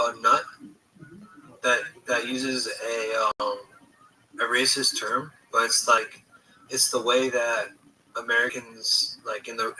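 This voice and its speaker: A man hosts a livestream chat, winding through a story with frequent restarts and fillers. His voice is very bright. He sits some way from a distant mic with faint noise behind. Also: medium pitch, husky. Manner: rambling, hesitant, many restarts. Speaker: livestream host.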